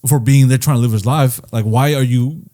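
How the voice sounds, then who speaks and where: A man's voice: medium pitch, fairly even intonation, brisk, warm tone. A young man co-hosting a casual podcast, arguing his point emphatically and with a lot of swearing. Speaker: podcast co-host. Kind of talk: casual chat.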